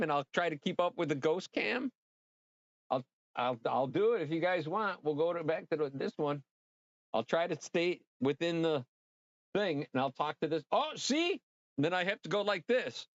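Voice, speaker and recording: Male livestream host, higher pitch, loose and excitable, cusses freely, dry lo-fi mic sound. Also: no room sound. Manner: rambling and excitable, swears freely, talks straight to viewers. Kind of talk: casual livestream chat.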